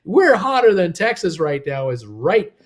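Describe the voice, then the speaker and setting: A high male voice with big pitch swings moves a little slowly. He hosts a live cruise news stream from home in Creston, casually reading viewer comments in an upbeat, rambling, jokey way, with off-mic remarks to his wife.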